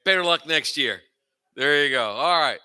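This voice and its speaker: A man in his forties fronting a live open-mic comedy night. His voice is bright and forward, set a little high for a man. He rambles loosely and lands dry, self-mocking punchlines. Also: expressive, normal speed, clean tone. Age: 40s. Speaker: host and stand-up comedian.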